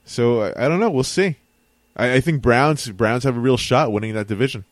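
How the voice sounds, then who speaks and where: A man's voice: medium pitch, fairly quick, no echo. A young man co-hosting a podcast, chatting casually and pushing back defensively, with some swearing. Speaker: podcast co-host. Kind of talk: casual chat.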